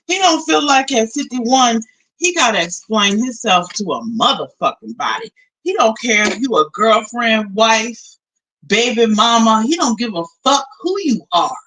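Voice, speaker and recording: A young woman live streamer in casual chat, animated and talkative, switching between low mutters and loud outbursts. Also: measured pace, low-quality recording. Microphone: phone.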